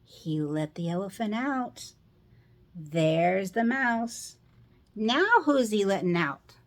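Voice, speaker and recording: Middle-aged woman doing a kids picture book read-aloud, slow and unhurried, keeps asking the little ones what they see. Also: mid-range voice, expressive. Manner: slow, asks children questions. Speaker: children's book reader.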